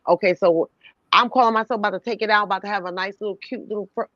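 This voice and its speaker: A woman telling a personal story in casual chat, animated and laughing, swearing freely. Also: mid-range voice, racing, no room sound. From New York City. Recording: dull, dry sound.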